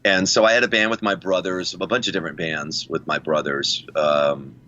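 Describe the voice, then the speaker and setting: A man's voice: low voice, little pitch movement, moderate pace, sharp tone, muffled recording. A middle-aged man from the United States, a musician guest on a podcast, telling long, rambling stories and laughing often. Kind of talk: casual podcast interview.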